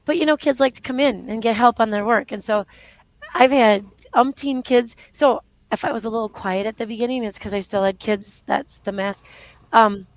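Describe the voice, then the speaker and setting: A woman's voice: a little high, normal speed. A woman co-hosting a casual chat, a teacher who sounds tired and keeps yawning. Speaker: co-host, teacher.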